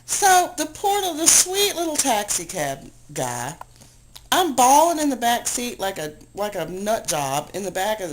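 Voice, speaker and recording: A woman at home, worn out and low after a long cry, venting to a camera she aims at herself in a rambling, self-deprecating, exasperated way. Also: big pitch swings, moderate pace, a little hiss or hum, poor audio. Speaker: video blogger. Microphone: handheld camera she aims at herself.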